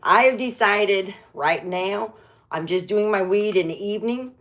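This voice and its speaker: A middle-aged woman talks through a loose comedy monologue in a chatty, wandering way. She circles back on her own sentences and restarts often. Her pitch sits in an ordinary middle range. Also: measured pace, a bit bright. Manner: chatty, meandering, frequent restarts. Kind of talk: rambling stand-up monologue.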